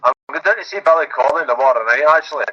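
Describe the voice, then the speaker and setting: A man's voice: fairly high pitch, lively intonation, rapid-fire, slightly rough, lo-fi sound. A Scottish man calling into a radio show, chatting in an easygoing, rambling way with lots of fillers. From Scotland. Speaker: caller. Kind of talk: casual chat.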